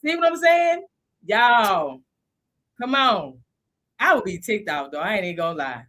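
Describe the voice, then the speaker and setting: Animated woman with a bright voice. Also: medium pitch, a little slow. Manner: animated, chatty, laughs often. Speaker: live stream host. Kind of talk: casual live stream teaching.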